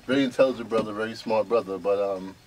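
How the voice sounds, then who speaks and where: A man's voice: fairly low pitch, fast talker, over a noisy crowd. A man hosting a casual chat, teasing his guest playfully. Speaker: host.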